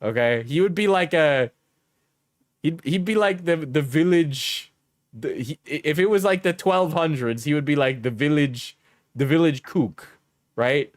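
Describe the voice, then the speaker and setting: A man's voice: a little high, a little slow, no echo, studio quality. A man hosting casual online commentary, rambling and mocking with crude jokes, constantly saying "like" and "right?". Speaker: commentary channel host.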